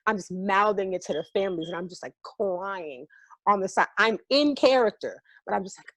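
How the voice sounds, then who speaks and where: A stage actor from New York, here as a guest, is casually telling a story in a colorful, foul-mouthed, emotionally frank manner. Her mid-range voice has lively intonation and runs a little fast, captured on a dry recording.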